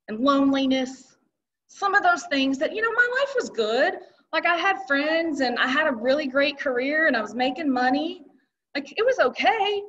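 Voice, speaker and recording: Woman keynote speaker, high pitch, conversational and emphatic, lo-fi sound. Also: a bit bright, recorded from a distance. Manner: conversational, rhetorical questions, emphatic. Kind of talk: live motivational talk. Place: event hall with audience. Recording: dull lo-fi recording.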